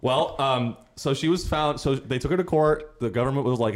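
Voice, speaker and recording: A man's voice: medium pitch, normal speed, hardly any pauses. A man co-hosting a comedy podcast who explains a story loosely, full of "like" and restarts. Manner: explains with many fillers and restarts. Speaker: podcast co-host. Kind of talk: casual comedic chat.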